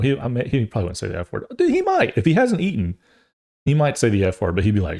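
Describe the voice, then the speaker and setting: A man's voice: mid-range voice, sing-song, fast talker, darkish tone. A man in his thirties, a podcast host, telling a long rambling story in a casual way and acting out the voices of other people as he goes.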